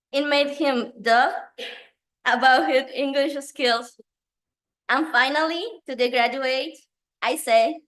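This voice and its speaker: Nervous bright-voiced woman giving a speech. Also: high-pitched. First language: Spanish. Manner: nervous, emotional, reading with pauses. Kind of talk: prepared graduation speech.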